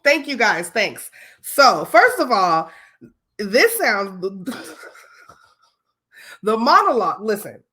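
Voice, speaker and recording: A woman hosting a podcast, telling a story in a casual, animated way, swearing freely and often checking in with her listeners. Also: mid-range voice, slow, long pauses. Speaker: podcast host.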